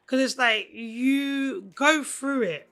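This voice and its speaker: A Nigerian-born woman co-hosting a podcast in casual chat, her voice hoarse, laughing often as she tells stories. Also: high voice, takes it slowly, faint music behind. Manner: laughs often, animated storytelling. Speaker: podcast co-host.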